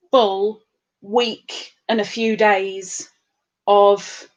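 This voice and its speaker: Slow-talking English woman, chatty host. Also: mid-range voice, dull audio. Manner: chatty, rambling with restarts, reads viewer comments aloud. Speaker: livestream host. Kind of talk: casual live chat.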